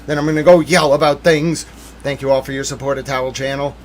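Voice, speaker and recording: A man hosting a live stream, ranting with mock outrage and then settling into calmer musing. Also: mid-range voice, fast talker. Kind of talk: live-stream commentary rant.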